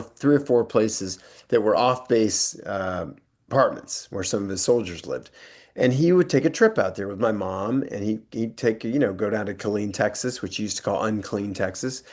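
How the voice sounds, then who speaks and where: A man's voice: fairly low pitch, moderate pace, darkish tone. A man in his sixties from the United States, telling anecdotes as a guest speaker in a rambling, conversational way. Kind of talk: anecdotal storytelling talk.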